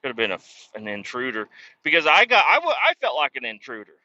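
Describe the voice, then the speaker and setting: A man's voice: medium pitch, wildly swooping pitch, fast, bright, forceful tone. A man, a truck driver, tells a rambling, profane story as a casual monologue from his truck cab. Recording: slightly muffled lo-fi recording.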